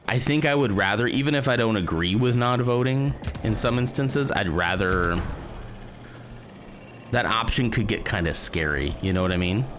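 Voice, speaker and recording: A deep-voiced American man chats with his stream audience as he plays. His pitch rises and falls a lot as he thinks out loud, hesitant and full of fillers, over a faint hiss of background noise. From United States. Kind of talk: casual live-stream chat while gaming.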